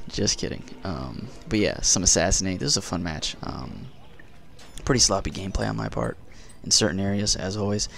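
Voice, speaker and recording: Still sounding half-awake, this man narrates gameplay in a deep, fairly bright voice full of vocal fry, moving at a brisk clip. His casual commentary wanders chattily and is sprinkled with jokes at his own expense.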